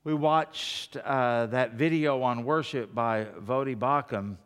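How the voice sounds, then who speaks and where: A man preaching a sermon, swinging from loud, emphatic declarations to quiet, conversational asides. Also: medium pitch, slow, clear, resonant tone, long reverb tail. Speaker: pastor.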